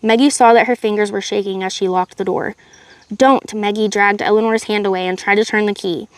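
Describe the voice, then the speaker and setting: A woman reads a novel aloud on a live stream, keeping a steady, even voice and breaking off now and then for chatty asides to her viewers. She sits close to a desk mic, and the sound is dry, with no room echo. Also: mid-range voice, fast. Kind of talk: live read-aloud narration.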